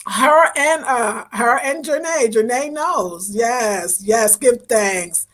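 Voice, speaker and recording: Woman doing a casual livestream, gushy and warm with her viewers, a bit higher pitched, gets emotional. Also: expressive, slow. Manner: effusive and affectionate, thanking viewers by name; emotional, voice wavering at times. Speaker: livestream host reading viewer comments.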